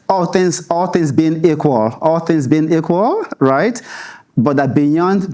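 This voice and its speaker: A man's voice: on the high side, a little mellow. Thoughtful man answering questions in a hall. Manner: thoughtful, restarts words, laughs easily. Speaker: researcher answering audience questions. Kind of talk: public lecture Q&A. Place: lecture hall with stage lights.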